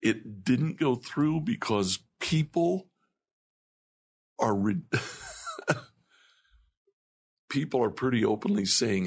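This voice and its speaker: Husky, gravelly man on a faith podcast. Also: mid-range voice, animated, slow pace, pauses often. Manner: laughs often, thoughtful, retells scripture. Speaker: podcast co-host. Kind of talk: casual faith discussion.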